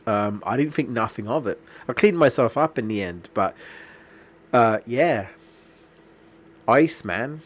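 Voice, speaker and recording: A man's voice: medium pitch, animated, a little slow, pauses often. A young man, streaming a video game and telling a long rambling story with lots of restarts. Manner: rambling, anecdotal, many restarts and fillers. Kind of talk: casual gameplay commentary.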